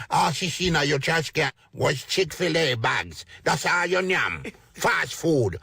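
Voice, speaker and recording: A man's voice: fairly high pitch, gravelly, a bit bright, breathy edge, no echo, heavily acted. A man dubbing a blunt, mocking male weight-loss doctor with a Jamaican accent in a comedic dub.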